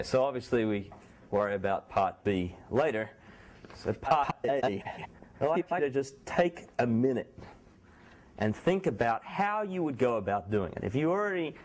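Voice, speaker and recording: A man with a sore throat teaches a university class in a small room, keeping his voice down. His delivery is relaxed and sprinkled with joking asides to his students. His pitch sits in the middle range for a man. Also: normal speed. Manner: speaks softly, not loudly. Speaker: university lecturer. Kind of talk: classroom lecture.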